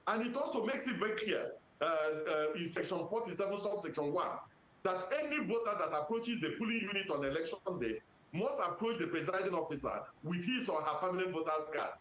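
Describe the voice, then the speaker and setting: A man with a Nigerian accent, an electoral commission official giving formal, measured answers to press questions and citing legal sections methodically. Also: sits high, fairly bright tone, slight background noise. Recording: roomy echo.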